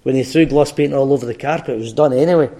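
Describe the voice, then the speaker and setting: A man's voice: mid-range voice, quick pace, dark tone. An older man with a Glaswegian Scottish accent, praying and then telling a story in an earnest, folksy sermon. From Scotland. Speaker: pastor.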